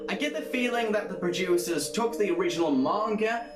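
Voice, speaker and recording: A man's voice: sits high, expressive, fairly quick, over music. A man narrating a scripted review, opinionated and critical. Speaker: anime reviewer.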